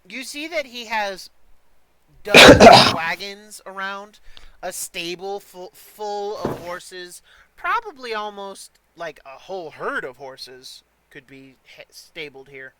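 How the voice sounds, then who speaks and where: A man's voice: high voice, slow, slight background noise, low-quality recording. A man narrating a tabletop role-playing session as dungeon master, talking loosely with lots of ums and uhs. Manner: relaxed narration with many fillers.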